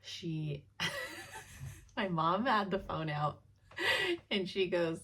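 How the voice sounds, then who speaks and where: A woman's voice: lowish voice, huge pitch swings, extremely slow, a bit bright, slightly rough. A woman in her thirties chatting casually to her viewers as a cross-stitch vlogger, laughing often as she tells stories. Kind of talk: casual chat.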